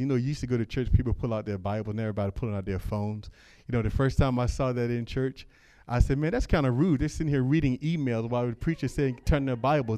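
A man preaching a sermon, talking casually with the congregation and reading scripture aloud, then rising to loud, fervent calls. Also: medium pitch, dry recording. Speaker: pastor.

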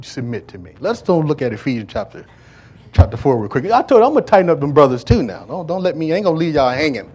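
A male pastor preaching in a church service, his voice sitting fairly high for a man. He throws questions to the congregation and waits for them to complete each phrase. He drops into low, joking asides between loud, ringing declarations. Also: slightly rough. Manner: call-and-response preaching, asks congregation to fill in words. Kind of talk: sermon.

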